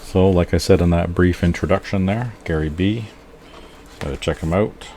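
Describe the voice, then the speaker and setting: A middle-aged man chatting casually and excitedly while unboxing comic books for his channel. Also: sits low, normal speed, slight background noise. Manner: excitable, exclaims often. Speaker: comic book vlogger.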